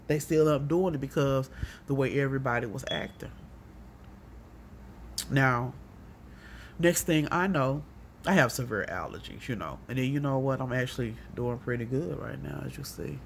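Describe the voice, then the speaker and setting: A woman telling a rambling personal story in a casual monologue, profane and animated, often acting out what others said. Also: rumbling low, moderate pace, gravelly, pauses often, a little hiss or hum.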